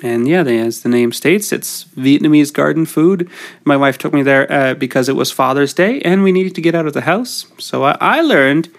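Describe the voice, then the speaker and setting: A man's voice: on the high side, moderate pace. A middle-aged man from Canada with a cold, hosting a casual solo podcast in a rambling, jokey, self-deprecating way. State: has a cold. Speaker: podcast host.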